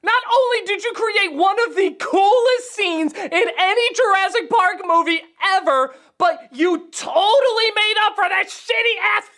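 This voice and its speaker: A woman reviewing a film in an excitable, profane comedic rant, often yelling. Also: very high-pitched, a little slow, hardly any pauses. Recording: background music.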